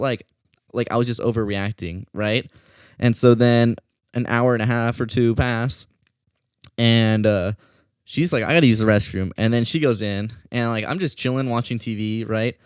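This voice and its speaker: A man hosting a podcast, telling a story in a casual, animated way and swearing often. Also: medium pitch, normal speed, smooth, no room sound, studio quality. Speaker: podcast host.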